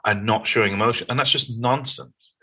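A man with a Northern English accent, a guest in an interview, telling stories in an earnest, animated way. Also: medium pitch, a little fast, slightly rough. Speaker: podcast guest. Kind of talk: conversational interview.

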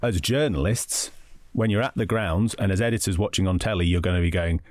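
Thirties male pundit, very deep voice, rattles on in a chatty rush. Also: no room sound, studio quality. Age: 30s. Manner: chatty, quick, self-interrupting. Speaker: football journalist. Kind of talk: casual podcast debate.

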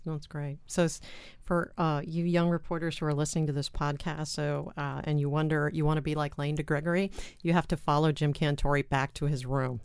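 Low-voiced woman podcast host. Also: flat delivery, fairly quick, a little mellow, clear, resonant tone, dry recording, clean studio sound. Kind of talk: casual podcast hosting and sign-off.

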